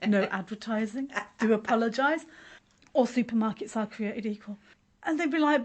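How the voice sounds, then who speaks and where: A woman's voice: a little high, normal speed. A middle-aged woman talking casually and telling stories, laughing often and acting out what others said. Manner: chatty storyteller, laughs often, acts out quotes of others. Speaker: podcast host sharing her story. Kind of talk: casual chat.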